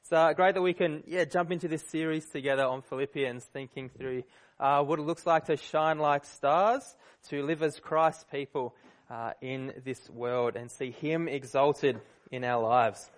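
A man preaching a sermon, telling a story in a relaxed, conversational way with fillers and restarts. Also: on the high side, measured pace.

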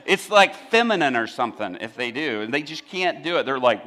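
A man preaching a sermon, telling its story with animated humor. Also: mid-range voice, brisk.

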